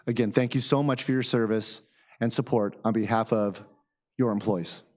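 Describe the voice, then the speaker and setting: A man giving formal, measured prepared remarks as city manager at a council meeting. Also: lowish voice, steady tone, a little mellow.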